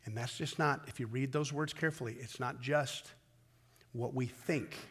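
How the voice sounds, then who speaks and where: A man preaching a sermon as pastor, swinging from loud emphatic peaks down to low, intimate pleading. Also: normal speed, slightly rough, long reverb tail. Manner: impassioned, rising to loud peaks then dropping low and intimate.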